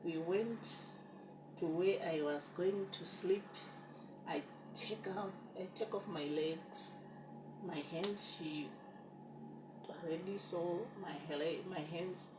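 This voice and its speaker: A woman's voice: fairly low pitch, takes it slowly. A woman telling a personal story to her viewers, emotional and repetitive, calling them "guys". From Zimbabwe. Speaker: vlogger. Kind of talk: storytime narration. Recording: distant roomy recording with background noise.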